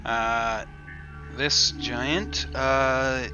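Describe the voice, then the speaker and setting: A man narrating as game master of a tabletop game, easygoing and casual, with many pauses. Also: medium pitch, steady tone, lo-fi sound, over music. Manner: easygoing, casual, says "uh" often.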